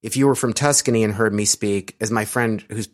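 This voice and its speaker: A man's voice: fairly low pitch, brisk. Middle-aged American man, casual interviewee, rambling delivery full of ums and restarts. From United States. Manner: rambling, with many fillers and restarts.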